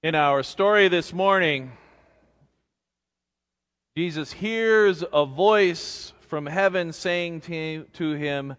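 A man preaching a sermon, speaking gently and reflectively as a pastor. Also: a little high, takes it slowly. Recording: long reverb of a large hall.

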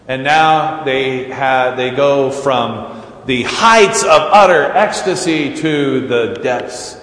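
A man preaching a sermon as pastor, slow and halting with many fillers and wry asides. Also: mid-range voice, fairly bright tone. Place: church sanctuary. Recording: echoey church hall with faint ambience.

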